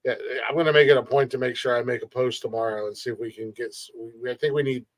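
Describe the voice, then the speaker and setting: A man hosting a loose comedy podcast from home on a video call mic, excitable and crude in his joking. His voice sits at an ordinary pitch, and the sound is close and dry with no room around it. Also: fast, dry recording. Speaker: podcast host and co-creator. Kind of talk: casual comedy podcast banter.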